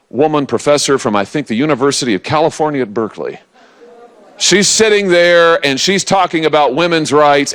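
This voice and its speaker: A man's voice: a little high, fairly bright tone. A man in his forties, a senator giving a political rally speech to a live audience, emphatic and rousing, with lots of repetition.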